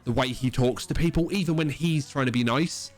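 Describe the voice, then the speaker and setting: A man, co-hosting a casual podcast chat, blunt and sweary, with halting restarts. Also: medium pitch, faint music behind. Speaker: podcast co-host.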